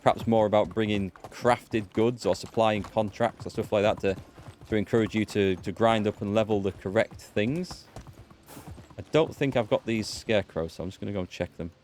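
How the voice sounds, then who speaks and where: Chatty low-voiced gamer. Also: male voice, moderate pace, a little mellow, a little hiss or hum. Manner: chatty, rambling, wry asides. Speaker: let's play gamer. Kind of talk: casual gameplay commentary.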